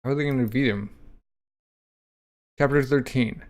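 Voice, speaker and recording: A man's voice: medium pitch, moderate pace. A man casually reading a comic aloud, voicing sound effects and reacting with a lot of "like".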